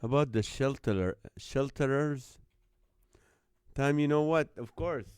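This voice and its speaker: In an unhurried, mid-range voice that's darkish, clear and resonant, a man hosts a casual live call-in comedy stream from home on his phone, laughing repeatedly as he reads viewers' joke band names. The audio is studio quality, without room sound.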